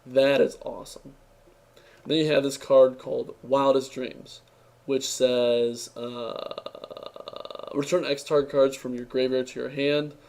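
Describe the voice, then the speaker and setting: A man's voice: mid-range voice, little pitch movement, slow, vocal fry, a little mellow, slight background noise. A young man with a tired, strained voice, giving an offhand, sarcastic review in casual speech, full of fillers and restarts. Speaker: card game reviewer.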